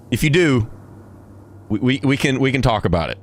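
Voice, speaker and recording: A man's voice: mid-range voice, lively intonation, moderate pace. A man streaming live in casual chat, jokey and rambling, laughing often and restarting his words.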